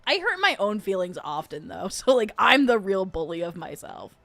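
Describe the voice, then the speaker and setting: A woman's voice: mid-range voice, very animated, normal speed, creaky, fairly bright tone, no echo. A woman hosting a casual livestream chat, rambling with lots of fillers and laughing often as she gets emotional. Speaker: podcast host.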